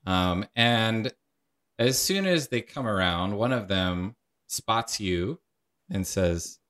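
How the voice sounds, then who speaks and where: A man narrating a tabletop game as game master, calm and measured with frequent fillers. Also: on the low side, clear, resonant tone.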